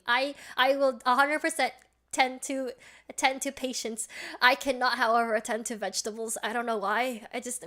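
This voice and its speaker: A woman's voice: a little high, fairly bright tone. A woman chatting casually on a livestream who laughs often and reacts to comments from her chat. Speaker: streamer.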